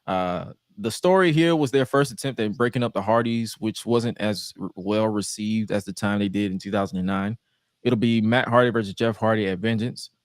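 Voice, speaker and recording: A young adult man hosting a casual podcast, telling stories with animated delivery and frequent laughs. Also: on the low side, normal speed, no echo. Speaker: podcast host. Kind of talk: casual chat recapping wrestling.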